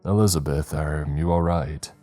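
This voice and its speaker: Narrator doing a calm, steady man, deep and mellow, soothing tone. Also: moderate pace, faint music behind. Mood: reassuring. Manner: gentle, reassuring. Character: calm, kindly male patient who keeps the peace.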